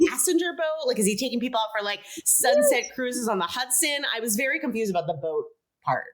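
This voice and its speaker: A woman co-hosting a casual film podcast, animated and giggly, asking playful questions. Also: on the high side, fast. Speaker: podcast co-host.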